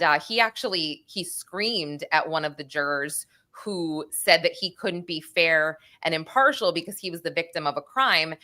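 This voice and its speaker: Bright, animated woman telling a story. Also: on the low side. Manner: animated storytelling, acts out quotes. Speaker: podcast co-host. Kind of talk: casual true-crime chat.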